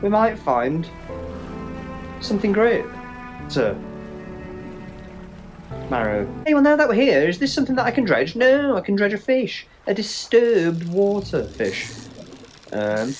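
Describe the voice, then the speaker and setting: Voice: medium pitch, unhurried, pauses often, soft background music. A let's play host giving casual, jokey gameplay commentary with lots of swearing. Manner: animated, swearing, joking asides.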